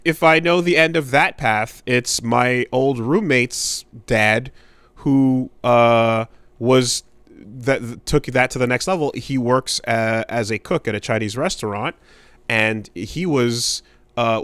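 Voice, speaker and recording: A man's voice: medium pitch, slow, a bit bright, smooth, no echo. A young adult man co-hosting a podcast in casual chat, dry and blunt, swearing freely. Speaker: podcast co-host. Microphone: studio podcast mic.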